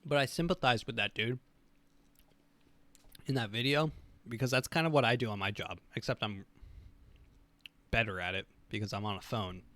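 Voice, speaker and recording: A young man co-hosting a podcast, telling stories in a casual, animated way and laughing often. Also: mid-range voice, normal speed, pauses often, no room sound. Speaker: podcast co-host. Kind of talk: casual storytelling chat.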